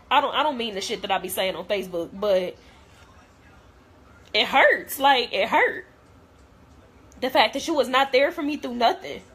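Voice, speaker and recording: This young female vlogger addresses the camera in a hurt, heated rant, with a fairly high pitch and fairly bright tone. Blunt and foul-mouthed, she curses heavily throughout.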